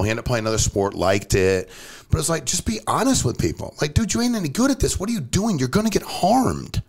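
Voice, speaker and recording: A man in casual conversation as a podcast guest, blunt and direct, telling stories and pushing his point hard. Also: gravelly. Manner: blunt, animated, jumps pitch for emphasis. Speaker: company CEO, podcast guest. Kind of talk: casual storytelling chat.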